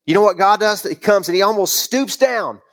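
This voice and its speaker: A male pastor preaches with earnest emphasis, repeating phrases for weight. His voice sits a bit higher than most men's. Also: moderate pace. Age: adult parent of several kids. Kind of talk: sermon.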